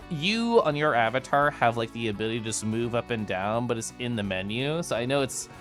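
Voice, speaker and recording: A man's voice: mid-range voice, animated, fairly quick, fairly bright tone, soft background music. Giggly bubbly male streamer. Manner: giggly, bubbly, chatty with many asides. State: tipsy from whiskey earlier. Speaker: streamer recapping VR chat meetups. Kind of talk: casual livestream chat to viewers.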